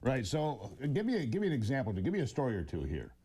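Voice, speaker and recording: A man hosting a talk radio show, introducing his guest and pushing him with brisk questions. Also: medium pitch, wildly swooping pitch, mellow, husky. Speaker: host.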